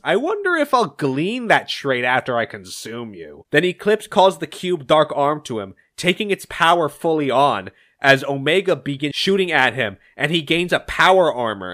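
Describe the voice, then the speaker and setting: Lively young man recapping comics. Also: on the high side. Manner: animated, reads dialogue in quick paraphrase, swears casually. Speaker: podcast co-host recapping comics.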